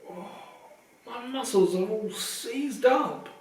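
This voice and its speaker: A man's voice: high voice, measured pace, gravelly, a little mellow, echoey room, far from the mic, poor audio. A man voicing a tired teenage boy wizard who groans and grumbles. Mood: grumbling. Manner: groaning, complaining.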